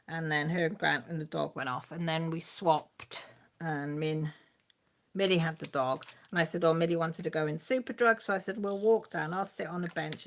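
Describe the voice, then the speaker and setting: A middle-aged woman chats casually on a live stream. She rambles through family stories, full of fillers, laughs and playful voices for her relatives. Her voice sits a little on the low side. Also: vocal fry, fairly bright tone. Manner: rambling, chatty storytelling with frequent fillers. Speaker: channel host.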